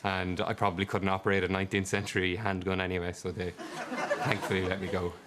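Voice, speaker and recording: Male audience member, low pitch, casual and meandering storyteller. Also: completely flat delivery, fast talker, heavy background noise. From Ireland. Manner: rambling, hesitant, many fillers. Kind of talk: casual anecdote. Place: TV studio.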